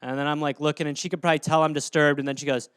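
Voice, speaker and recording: A man's voice: on the high side, level tone, racing, a bit bright, clear, resonant tone, no echo, clean studio sound. A man in his thirties hosting a solo comedy podcast, ranting and acting out silly scenes with lots of swearing. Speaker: podcast host.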